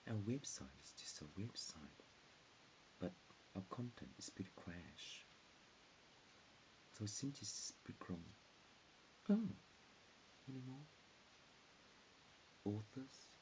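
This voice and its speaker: A man's voice: low-pitched, a little mellow. A man in his forties rambling in a disjointed stream of consciousness, often dropping into whispers. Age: 40s. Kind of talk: rambling monologue. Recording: dull hissy lo-fi recording.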